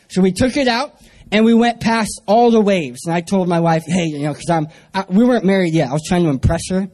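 A man's voice: sits high, dark tone. A young man from San Diego preaching a sermon, telling a personal story with self-mocking humor. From San Diego area, US.

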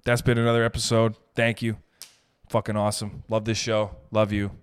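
A man's voice: lowish voice, monotone, fairly quick, smooth. A man in his thirties hosting a solo podcast, ranting in a profane, exasperated, rambling way full of restarts. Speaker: podcast host. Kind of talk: solo comedic rant.

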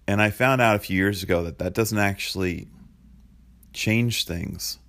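Guy in his 30s preaching, lowish voice, super chatty and confessional, lots of like and man. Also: measured pace, a bit bright. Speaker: pastor. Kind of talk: sermon.

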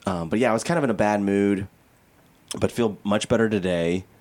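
A man's voice: lowish voice, brisk, darkish tone. A young man from co-hosting a podcast, chatting casually, laughing often and poking fun at himself. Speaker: podcast co-host. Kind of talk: casual chat.

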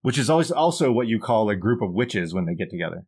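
A man's voice: lowish voice, sing-song, quick pace, a little mellow, slightly rough. A man co-hosting a podcast, reading poll results aloud with dry, wry asides in casual chat. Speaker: podcast co-host.

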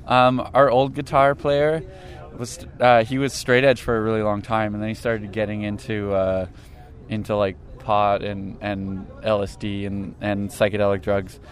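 A man's voice: lowish voice, little pitch movement, a little slow. A man fronting a band, chatting casually and rambling a bit, laughing easily, outside on a city street. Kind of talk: casual interview chat.

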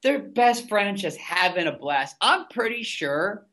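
A man's voice: sits high, expressive, a little slow, bright, forceful tone. A man co-hosting a podcast, chatting casually and ranting with constant swearing. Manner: profane, ranting, heavy swearing. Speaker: podcast co-host. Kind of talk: casual recap chat.

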